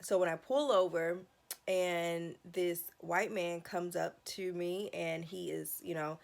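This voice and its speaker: Woman vlogger, low voice with heavy fry, emotional rambling storyteller. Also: steady tone, takes it slowly. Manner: emotional, rambling retelling with restarts. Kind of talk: casual story time.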